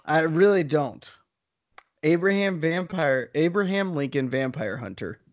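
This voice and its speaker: A man with a higher voice that swoops around a lot chats on a podcast. He jokes and playfully defends himself. The sound is muffled and lo-fi. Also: measured pace. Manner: lively, playfully defensive, jokey. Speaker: podcast co-host. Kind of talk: casual chat.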